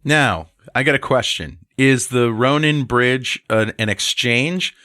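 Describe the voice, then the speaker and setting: A man's voice: mid-range voice, takes it slowly, sharp tone, no room sound, clean studio sound. A man hosting a casual tech panel, joking and asking questions. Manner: jokey, asks questions.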